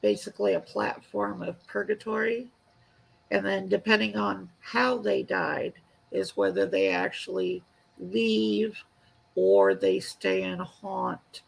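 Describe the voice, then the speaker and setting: A woman co-hosting a casual online chat show, talking in a relaxed, somewhat hesitant way. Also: medium pitch, takes it slowly, creaky, husky, poor audio. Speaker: co-host.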